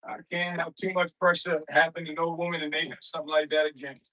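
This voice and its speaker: A man's voice: on the high side, flat delivery, fast talker, sharp tone, poor audio. A man hosting a livestream, chatting casually and loosely with slang, rambling and calling out viewers in the chat by name. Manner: loose, slangy everyday speech. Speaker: livestream host.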